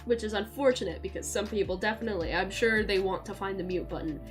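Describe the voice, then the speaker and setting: Loud, excitable woman streamer. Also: mid-range voice, quick pace, over music. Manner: loud and excitable, swears casually; coos in baby talk to her cat. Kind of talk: casual live-stream chat. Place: at home in a chair by a window.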